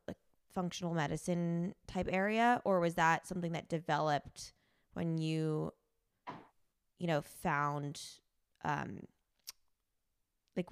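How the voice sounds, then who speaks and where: A woman asks interview questions in a low voice with some vocal fry. She hesitates and searches for words as she speaks. The recording is dry, with little room sound. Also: no room sound.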